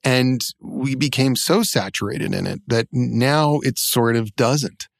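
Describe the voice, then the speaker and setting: A man's voice: medium pitch, creaky, no room sound, clean studio sound. A middle-aged man co-hosting a podcast in casual chat, wry and joking, shifting his pace as he talks. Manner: wry, joking, speeds up and slows down. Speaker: podcast co-host.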